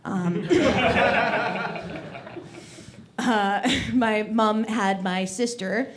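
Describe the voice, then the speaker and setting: A woman performing a stand-up comedy set on a club stage, telling animated stories about kids. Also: medium pitch, very slow, slight background noise. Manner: animated storytelling, acts out kids' voices.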